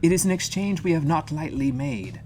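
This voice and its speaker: Brief: a man putting on a solemn older woman, fake British accent, pitched up, slightly masculine edge. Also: animated, normal speed, darkish tone, faint music behind, lightly acted. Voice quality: feminized voice, still a little masculine. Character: wise older noblewoman, calm and solemn.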